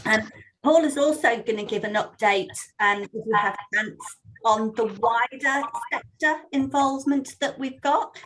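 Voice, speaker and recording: A woman's voice: fairly high pitch, a little slow, background noise. A woman hosting a volunteer meeting on a video call, chatty and friendly, with many ums. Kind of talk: online meeting talk.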